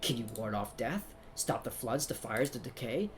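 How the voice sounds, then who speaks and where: A man's voice: mid-range voice, big pitch swings, normal speed. Casual gaming streamer, man. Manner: casual, addresses chat. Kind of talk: let's play commentary reading game dialogue aloud.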